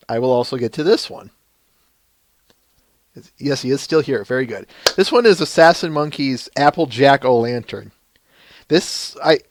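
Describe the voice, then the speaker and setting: Podcast host, man, Minnesotan accent, mid pitch, dry close sound, chatty with frequent restarts. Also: no room sound. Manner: chatty, laughing, restarts often. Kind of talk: casual live-stream podcast chat.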